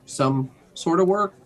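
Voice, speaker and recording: A man's voice: high voice, darkish tone. A man talking casually as a game master, hesitant and self-deprecating, with lots of filler words. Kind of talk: casual discussion.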